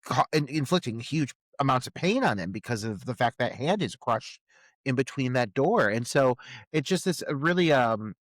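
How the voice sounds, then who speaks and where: A man with a middle-pitched voice gives reflective commentary, breaking it up with casual fillers. The recording is dry and up close. He sounds like he is weighing what makes a scene work. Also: lively intonation, normal speed, dry recording. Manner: thoughtful, analytical commentary with filler words. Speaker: podcast co-host. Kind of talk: casual film-discussion chat.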